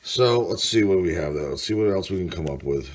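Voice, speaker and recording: A man's voice: low voice, lively intonation. A man hosting a casual card-opening video, reading off player names one by one with mild enthusiasm. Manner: unhurried, reads names aloud, mild enthusiasm. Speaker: card collector host. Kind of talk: casual card-break commentary.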